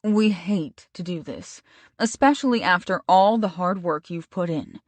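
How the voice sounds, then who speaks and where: A woman's voice: lowish voice, measured pace, no room sound, close to an everyday voice. A woman voicing a regretful law firm boss who speaks formally and apologetically while firing an employee, in an audiobook. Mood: apologetic.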